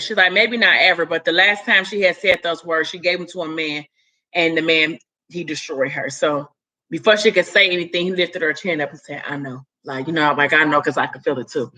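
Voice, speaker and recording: A woman's voice: on the low side, pushed and bright. A woman casually retelling a story in a chatty way, full of "like" and "you know", acting out the characters' lines. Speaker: story recapper.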